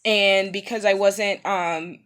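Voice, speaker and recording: A woman's voice: mid-range voice, fairly even intonation, slow pace, a bit bright. A woman in her thirties, in pain after recent surgery, telling an upsetting story in a casual vlog, with many fillers and restarts. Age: 30s. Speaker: vlogger.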